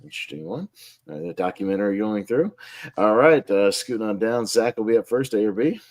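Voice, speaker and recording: A man's voice: fairly low pitch, animated, a little fast, a little mellow. A man hosting a casual online group chat, upbeat and laughing often as he runs the votes. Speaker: host.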